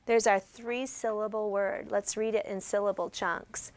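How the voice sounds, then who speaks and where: A woman's voice: mid-range voice, fairly even intonation, normal speed, hardly any pauses. A woman teacher giving classroom instruction, guiding students step by step with patient questions. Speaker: special education teacher.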